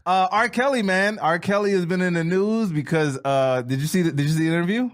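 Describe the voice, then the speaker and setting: A man's voice: high-pitched, brisk. A man co-hosting a comedy podcast in casual banter, swearing freely and jumping into mocking impressions.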